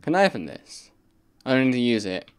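A man giving casual gameplay commentary, reacting out loud and muttering to himself as he plays. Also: medium pitch, big pitch swings, brisk, clean tone. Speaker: let's play gamer.

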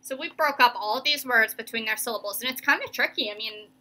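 A young woman teacher giving a remote reading lesson to children, slowly stretching out each word as she sounds it. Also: a little high, sharp tone. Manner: slow, stretched-out sounding of words.

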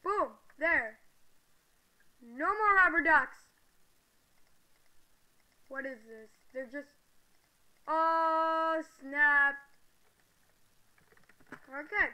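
High-pitched woman doing game commentary, super bright tense tone, easily excited. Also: extremely slow, pauses often, rough recording. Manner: excitable, shrieks and exclaims at surprises. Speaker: gaming video creator. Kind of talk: gameplay commentary.

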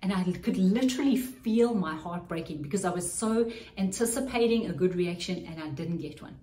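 A woman's voice: lowish voice, moderate pace, dark tone, roomy sound, recorded from a distance, rough recording. A woman hosting a Christian podcast as a coach, giving an earnest, reflective teaching monologue and often checking in with "right?".

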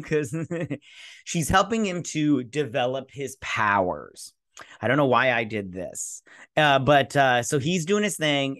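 A man's voice: mid-range voice, fairly bright tone, no echo, clean studio sound. A man hosting a casual episode recap and review, sarcastic and crude, laughing as he acts out the characters' lines. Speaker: host.

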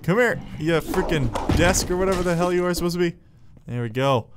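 A man giving excitable, jokey let's play commentary, yelling at enemies as he plays. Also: high voice, brisk, noisy background. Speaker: gameplay commentator.

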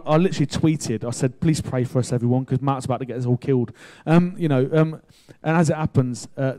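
A man preaching a sermon in a casual, chatty way, telling a story with excitable bursts. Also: mid-range voice. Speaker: pastor.

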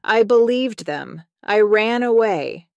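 A woman's voice: mid-range voice, expressive, slow, vocal fry, a little mellow, clear, resonant tone, dry recording, dull audio, voice pushed up. A woman doing a cowardly yapping hyena. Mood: eager. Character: cowardly male hyena, eager follower.

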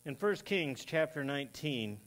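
A man's voice: expressive, measured pace, a bit bright. A pastor preaching a sermon in a church, telling stories and voicing the people he quotes. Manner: storytelling, acts out quoted voices with rising pitch. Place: church sanctuary.

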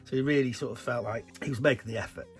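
A middle-aged man from northern England chatting casually as he answers viewer questions, lively and joking between answers. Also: medium pitch, fast talker. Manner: chatty, animated, jokey asides. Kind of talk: casual Q&A chat.

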